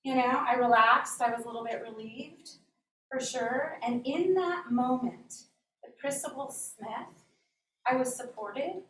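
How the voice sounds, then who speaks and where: A woman giving an earnest, animated inspirational talk as a guest speaker in a church hall. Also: high-pitched, measured pace. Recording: roomy echo from a distant mic, faint hum.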